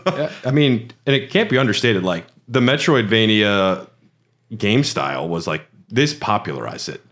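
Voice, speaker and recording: Talking games on a podcast he co-hosts, this man chats loosely, restarting often and filling gaps with filler words. His pitch is fairly low but swings widely, his tone fairly bright, and his speed normal.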